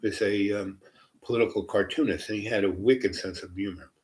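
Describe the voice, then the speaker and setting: An older man with a somewhat low voice spins a long, meandering personal story. He wanders through asides and fillers, circling back to the thread again and again. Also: fairly even intonation, fairly quick, a little mellow.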